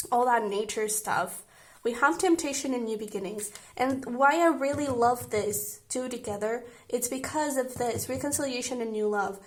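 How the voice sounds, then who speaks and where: A young woman with a fairly high voice gives a casual tarot reading straight to her viewers. She talks in a chatty, emotional way and keeps checking in with them. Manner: chatty and emotional, frequent "I feel like" and "okay?". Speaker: tarot reader.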